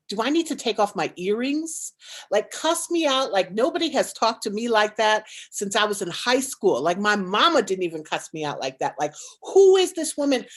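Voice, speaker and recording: Animated storytelling woman on a panel. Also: medium pitch. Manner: lively, dramatic retelling with many likes and restarts. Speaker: nonprofit co-founder and CEO on a panel.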